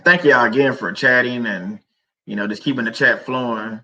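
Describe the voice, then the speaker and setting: A man's voice: medium pitch, moderate pace, sharp tone, muffled recording. A middle-aged man hosting a casual faith talk stream, rambling and conversational with many fillers and restarts. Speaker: livestream host.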